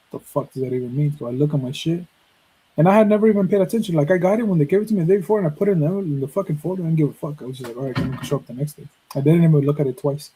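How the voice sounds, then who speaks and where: Podcast host, man, 30s, from Mexico; mellow, husky tone; swears freely while narrating and acts out quoted lines. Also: fairly high pitch, low-quality recording. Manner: profane, animated, acts out quoted dialogue. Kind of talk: casual storytelling.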